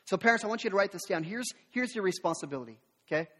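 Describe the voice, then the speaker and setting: A high-voiced, lively male pastor in his thirties preaches, telling family stories and swinging his pitch up and down as he acts out each voice. His voice rings out with a long reverb, as if in a large sanctuary. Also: very fast. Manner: animated storytelling, acting out voices. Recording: reverberant hall.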